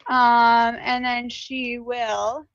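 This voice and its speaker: Slow, gravelly-bright woman player. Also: on the high side, level tone, dry recording, muffled recording. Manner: hesitant, many ums. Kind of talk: tabletop game chat.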